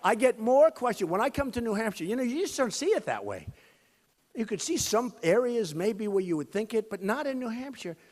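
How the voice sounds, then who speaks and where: A man in his sixties giving a campaign rally speech, repeating lines for emphasis and swinging from loud outbursts to low asides. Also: big pitch swings, brisk. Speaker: presidential candidate. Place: high school gym with a crowd. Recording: long hall reverb.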